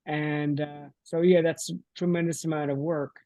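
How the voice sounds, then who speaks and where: A man hosting a podcast, asking questions in a measured, casual way with fillers. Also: a little high, flat delivery, warm tone, dry recording. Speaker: podcast host. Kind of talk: casual interview chat.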